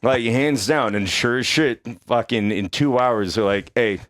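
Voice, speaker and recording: A young man hosting a podcast, telling a story in a casual, profane and animated way. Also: mid-range voice, a little slow, dry recording. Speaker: podcast host.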